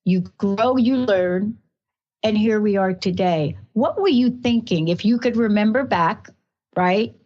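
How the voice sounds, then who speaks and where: A talk radio host with a New York accent speaks in an effusive, rambling way at a middle pitch. Her emotion keeps spilling into her questions. The broadcast sound is slightly muffled. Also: lively intonation, unhurried, warm tone.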